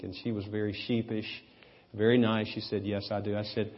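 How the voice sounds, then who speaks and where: A male pastor preaches in a husky voice, telling stories with humor and jumping into loud emphasis. The recording is muffled and lo-fi. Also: fairly low pitch, brisk. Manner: lively, humorous storyteller with sudden loud emphasis. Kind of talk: sermon with storytelling.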